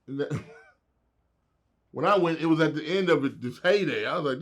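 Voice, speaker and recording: A man's voice: on the high side, expressive, normal speed, pauses often. A middle-aged man telling wild stories as a guest in a casual interview, laughing and acting out the voices of people he quotes.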